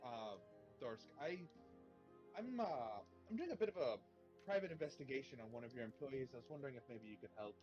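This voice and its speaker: A man playing a tabletop role-playing game, talking in character in a flattering, rambling way with stammering restarts. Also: medium pitch, brisk, muffled recording, soft background music. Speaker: player.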